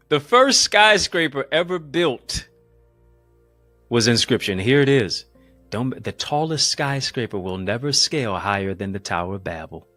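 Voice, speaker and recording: A man's voice: big pitch swings, unhurried, long pauses, dry recording, soft background music. Emphatic preaching male motivational speaker. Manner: emphatic, repetitive and rhythmic, swinging between booming and hushed; addresses live viewers as family.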